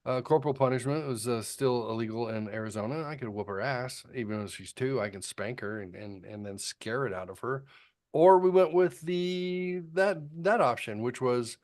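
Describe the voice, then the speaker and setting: A man's voice: mid-range voice, moderate pace, a little mellow. A middle-aged man co-hosting a casual podcast chat, telling a long story bluntly, with plenty of fillers and the odd swear. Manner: rambling storytelling with frequent fillers. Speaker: podcast co-host.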